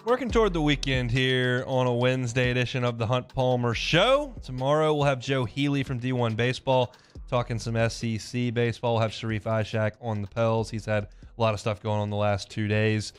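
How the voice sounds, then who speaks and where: A man's voice: medium pitch, brisk, clean tone. A man hosting a sports talk radio show, chatting casually and giving blunt opinions with a conversational back-and-forth.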